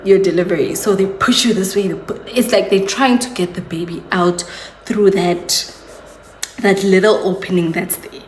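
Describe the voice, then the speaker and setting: A woman's voice: medium pitch, darkish tone, slight background noise. A young woman, telling a story to her viewers in a chatty, confiding way. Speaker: vlogger. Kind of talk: casual storytelling to camera. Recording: echoey room.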